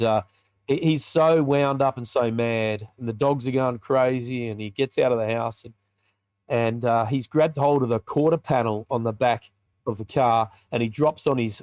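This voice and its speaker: An Australian man of middle pitch recounts a personal story as a podcast guest. He is colloquial and vivid and acts out the conversations. The recording is dry and slightly muffled. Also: darkish tone, no room sound. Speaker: podcast guest, biker ministry leader.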